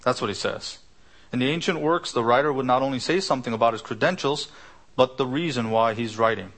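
A man's voice: mid-range voice, a little fast, fairly bright tone. Middle-aged male preacher, teacherly expository style, mid-range voice. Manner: teacherly, explains Greek word roots with rhetorical questions. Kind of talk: expository sermon.

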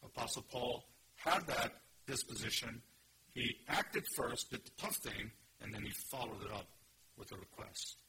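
Guy preaching, bright sharp voice, emphatic, keeps asking the crowd questions. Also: medium pitch, normal speed, slight background noise, rough recording. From Korea. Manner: earnest teaching, emphatic, with rhetorical questions. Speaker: pastor. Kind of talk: expository sermon.

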